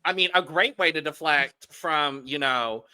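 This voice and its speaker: A man's voice: fairly high pitch, sharp tone, smooth. A man co-hosting a podcast, giving frank opinions on a reality dating show in casual chat. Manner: frank and chatty, quick to agree. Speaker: podcast co-host.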